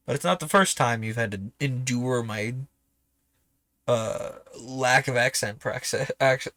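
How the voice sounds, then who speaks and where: A man reading a classic novel aloud in a lively, expressive way, as a regular streaming reader. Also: medium pitch, no room sound. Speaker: audiobook reader.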